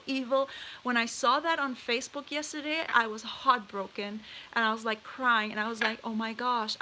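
A woman chatting casually on a livestream from her bedroom, cooing softly to her pet birds between remarks. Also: fairly high pitch, background noise. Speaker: parrot vlogger.

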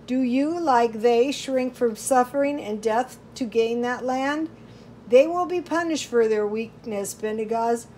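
Old male prophet as a woman reads him, stern, wrathful, slow, high voice. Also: a little mellow, slight background noise, lightly acted. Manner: rising to thunderous rebuke.

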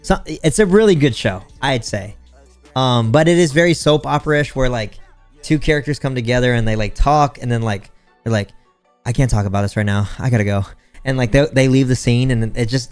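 Casual young male streamer, smooth clear tone, loose rambling delivery, faint background music. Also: mid-range voice, brisk. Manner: laid-back, rambling, says "like" a lot. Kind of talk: casual live-stream chat.

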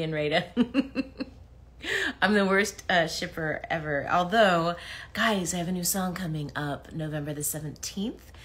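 A woman's voice: fairly low pitch, a bit bright. A woman chatting casually on a livestream as she signs autographs, reading fan comments aloud and laughing often. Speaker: voice actress signing autographs on a livestream. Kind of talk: casual live chat while signing.

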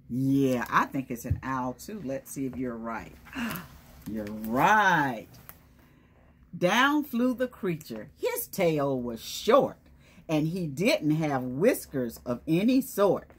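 A woman's voice: on the low side, breathy edge. A woman reading a picture book aloud to young children, stopping often to ask them questions and call on them by name. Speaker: children's storytime presenter.

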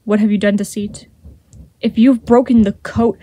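A woman's voice: medium pitch, steady tone, normal speed, mellow, husky, no room sound, natural voice. A woman voicing a cold, logical young man in a storybook reading, speaking hard and demanding.

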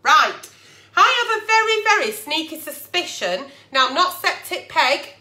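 High, lively, foul-mouthed woman. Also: unhurried, reverberant. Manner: blunt, profane and animated. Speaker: agony aunt host. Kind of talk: ranting advice vlog.

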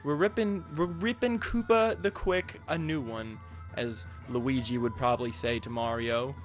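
A man's voice: medium pitch, measured pace, soft background music. A man giving casual, jokey gameplay commentary as a let's play host, rambling with crude asides.

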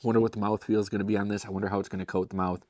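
A man hosts a laid-back beer tasting review in a fairly low voice. He talks enthusiastically and chattily, with self-deprecating asides. The recording is dry and close, with no room sound. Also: level tone, rapid-fire, darkish tone, no echo. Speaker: beer reviewer and show host.

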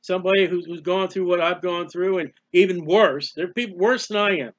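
A man giving a personal devotional talk as a preacher, emotional and halting, sometimes crying out in prayer. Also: high voice, no echo, dull audio.

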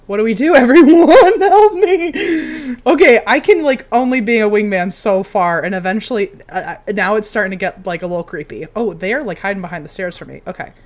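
A young woman giving casual, excitable commentary while playing a video game, cheering on her character. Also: mid-range voice. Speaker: game streamer.

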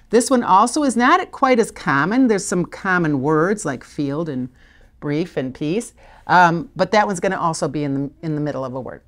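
A woman with a slightly low voice leads a recorded spelling lesson. She talks through patterns conversationally and keeps checking in with her learners to encourage them. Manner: encouraging, conversational teaching with frequent check-ins. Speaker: literacy teacher. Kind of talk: instructional video lesson.

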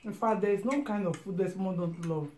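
A woman's voice: mid-range voice, brisk, darkish tone. Teasing Nigerian woman, echoey room. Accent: Nigerian English. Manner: teasing, chatty pidgin asides. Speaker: vlog co-host. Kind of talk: mukbang vlog chat.

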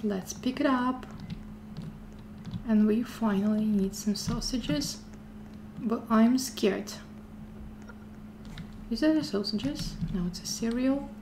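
A woman streaming a horror game talks to herself out loud in a scared way, her voice on the high side, slow and full of long pauses. She keeps repeating herself and dropping to whispers, with loud game music and a noisy background behind her.

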